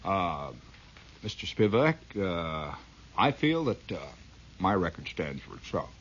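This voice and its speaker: A man's voice: deep voice, very animated, takes it slowly, heavily acted. Man playing an evasive politician, hesitant, dull old recording. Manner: hesitant, stalling. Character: evasive older male politician.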